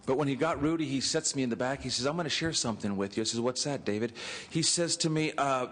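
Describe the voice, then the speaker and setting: A man's voice: medium pitch, quick pace, a bit bright. A man, a state senator, giving an anecdotal tribute speech on the floor and acting out the dialogue of his stories with chuckles. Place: legislative chamber. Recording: chamber with long reverb, faint ambience.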